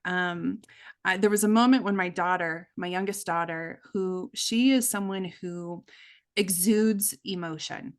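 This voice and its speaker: A woman's voice: fairly low pitch, fairly even intonation, measured pace. A middle-aged woman speaking as a podcast guest, telling a candid personal story in an earnest way and acting out the voices she quotes. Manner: earnest, acts out quoted voices, many fillers.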